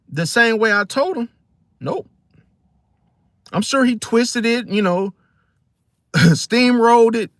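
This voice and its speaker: Bright-voiced man ranting casually. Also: high-pitched, no room sound, studio quality. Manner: streetwise slang, rambling, animated, swears freely. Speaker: astrology vlogger. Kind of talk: casual monologue.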